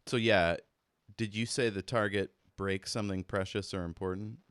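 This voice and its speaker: A man's voice: lowish voice, steady tone, moderate pace, fairly bright tone, clean tone, no room sound, clean studio sound. A man narrating as keeper of a tabletop game, laid-back and rambling with fillers.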